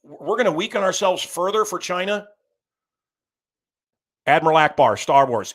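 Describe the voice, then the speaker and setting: A man's voice: high-pitched, lively intonation, normal speed, pauses often. A middle-aged man hosting a show, delivering a blunt, combative political monologue with crude language. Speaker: show host.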